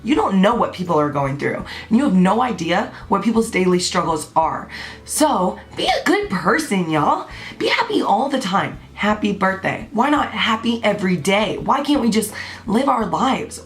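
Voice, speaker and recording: A woman's voice: mid-range voice, big pitch swings, normal speed. A woman, giving a blunt, passionate, unscripted rant to camera, swearing freely. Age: 20s. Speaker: vlogger.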